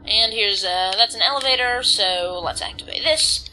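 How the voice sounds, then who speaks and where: A woman's voice: on the high side, normal speed, noisy background. A woman casually commenting on her gameplay, reading on-screen text aloud and stumbling over words now and then. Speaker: let's play host.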